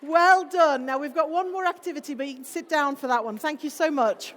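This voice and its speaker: Upbeat encouraging woman presenter, fairly high voice. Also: big-room sound, a little hiss or hum. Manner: upbeat and encouraging, coaching a group; slow and soothing when guiding breathing. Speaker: school wellbeing presenter. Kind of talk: guided class activity talk.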